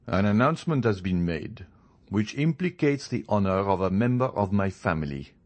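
A man's voice: on the low side, animated, normal speed, natural voice. A man reading a proud young nobleman in a storybook, speaking coldly, formally and with determination. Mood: indignant.

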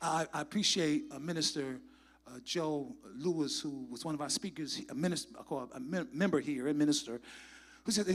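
A man preaching a sermon as pastor, swinging from shouted, fervent passages to hushed, near-whispered asides. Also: a little high, fairly quick. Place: church sanctuary.

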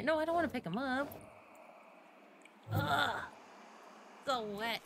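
A young woman streamer commenting on a horror game, excitable and swearing, laughing and yelping when scared. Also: a little high, slight background noise. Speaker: gaming streamer. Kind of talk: let's-play commentary.

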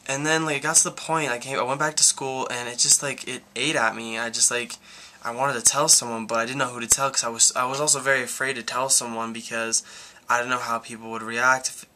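Bright, flat-toned young man telling his story. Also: mid-range voice. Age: about 19. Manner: rambling, with many "like"s and restarts. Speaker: YouTuber. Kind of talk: casual personal story vlog.

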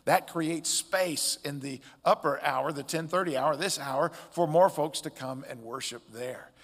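Man, pastor, sermon, high voice, long church reverb. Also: a little slow. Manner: expressive, swings between loud emphatic peaks and quiet drops. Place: church sanctuary.

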